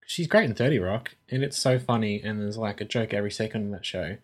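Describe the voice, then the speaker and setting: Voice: medium pitch, fast. Dry, wry podcast co-host. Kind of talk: casual film review chat.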